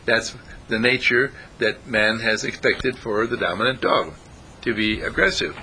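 A man giving an informal spiritual talk, animated and acting out voices as he goes. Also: medium pitch, a little slow, a little hiss or hum, low-quality recording. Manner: animated, acts out voices, chuckles often.

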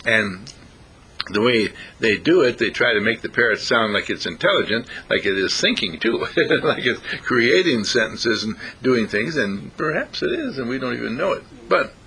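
A man telling rambling, playful stories in a casual talk, clearing his throat often. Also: medium pitch, sing-song, moderate pace, bright, forceful tone. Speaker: speaker.

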